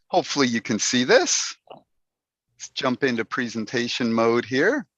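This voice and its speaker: A man's voice: mid-range voice, very animated, unhurried, a bit bright, no echo. A man giving a playful, humorous talk to a Toastmasters club over a video call, putting on mock dismay as he goes. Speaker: Toastmasters speaker. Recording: dull, dry video call audio.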